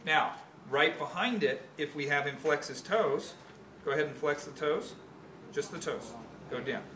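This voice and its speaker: A male instructor demonstrates anatomy to his students, explaining steps and stopping to correct himself. His voice sits slightly high. He is recorded from a distance in a reverberant classroom with a faint hiss underneath. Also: normal speed, sharp tone. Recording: echoey classroom from far off, faint noise.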